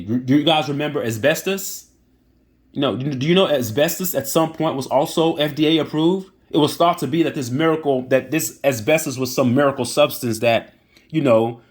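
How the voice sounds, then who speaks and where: Indignant man ranting to camera. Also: medium pitch. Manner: emphatic, indignant, repeats points for emphasis. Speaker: online commentator. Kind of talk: opinion rant monologue.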